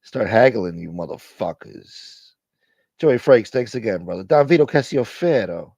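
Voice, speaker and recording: Profane joking livestream host, dark voice. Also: male voice, on the low side, animated, measured pace, vocal fry, husky, dry recording. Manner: profane, joking, shouts out viewers. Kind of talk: casual live chat reading donations.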